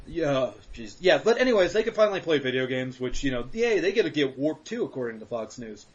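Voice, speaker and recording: Animated high-voiced joking man. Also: brisk, breathy edge, lo-fi sound. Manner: joking, swearing, mock voices. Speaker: podcast host. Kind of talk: casual chat.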